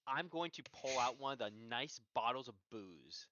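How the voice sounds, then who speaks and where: Lively man playing a tabletop game. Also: mid-range voice, moderate pace, dull audio, a little hiss or hum. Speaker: player.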